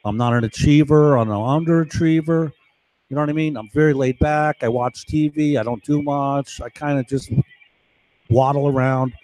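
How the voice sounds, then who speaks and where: Pitched on the high side with a darkish tone, a middle-aged man from New York, United States, speaks at a moderate pace with fairly even intonation on a dry recording. His long, rambling monologue keeps returning to "right?" and "you know?", and he acts out overheard voices.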